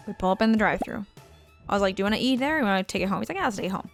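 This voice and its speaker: A woman co-hosting a game let's play, telling a profane, animated anecdote in a casual chat style. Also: mid-range voice, racing, creaky, soft background music. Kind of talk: casual storytelling while gaming.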